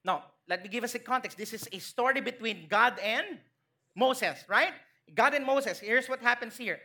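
High bright Filipino woman preaching. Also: normal speed, slightly rough. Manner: lively, questioning the congregation, acting out quotes. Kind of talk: sermon.

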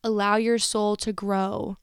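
A woman's voice: medium pitch, flat delivery, slow pace, clean tone, dry recording, clean studio sound. A young woman hosting a podcast, giving candid, motivational advice in casual slangy talk. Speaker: podcast host.

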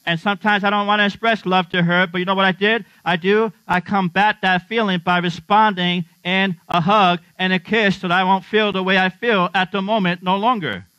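Bright-voiced male pastor, joking sermon. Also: high-pitched, fairly even intonation, a little fast, few pauses, smooth, dry recording. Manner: humorous, conversational, asks the congregation questions. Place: church. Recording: dull, slightly lo-fi dry sound with mains hum.

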